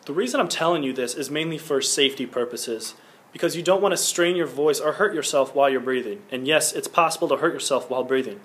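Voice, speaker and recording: A man's voice: mid-range voice, fast talker, fairly bright tone. Young man teaching singing basics. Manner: earnest, instructive, demonstrates sung vowels. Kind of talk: school project tutorial.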